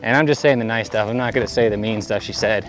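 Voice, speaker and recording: Out on a desert hiking trail, a young thru-hiker vlogger talks to the camera in a chatty, rambling way full of fillers. His voice is lowish and quick, the recording is rough, and faint music plays behind him.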